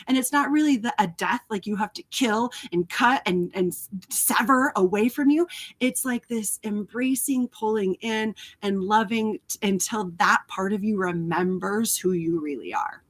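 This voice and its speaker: A woman hosting a casual live stream, chatting through viewer comments in an animated, candid way, swearing freely and laughing often. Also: mid-range voice, normal speed. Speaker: host of a live talk stream.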